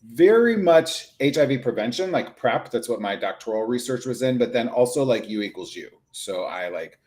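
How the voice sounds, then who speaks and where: A man's voice: mid-range voice, expressive, normal speed, darkish tone. A man in his thirties, a nurse practitioner talking casually and animatedly on a livestream with lots of fillers.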